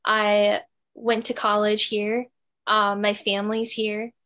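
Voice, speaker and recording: Young female journalist guest from West Virginia, mid-pitch, thoughtful. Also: little pitch movement, takes it slowly, fairly bright tone. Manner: earnest, reflective, frequent fillers. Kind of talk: conversational interview.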